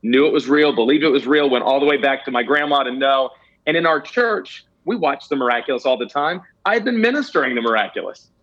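A man's voice: mid-range voice, expressive, fast, a bit bright, dull audio. A man giving candid personal testimony as an interview guest, earnest and self-deprecating, with some stammered restarts. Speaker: guest telling a ministry story.

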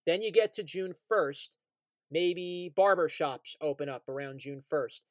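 A man's voice: on the high side, measured pace, dry recording. A man co-hosting a casual sports podcast, reading out news items and talking it over with an easy laugh. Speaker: podcast co-host.

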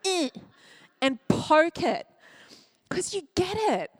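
A woman's voice: high-pitched, unhurried, dry recording. A woman pastor preaching a sermon with emotion, acting out quoted voices and dropping to a near-whisper at tender moments.

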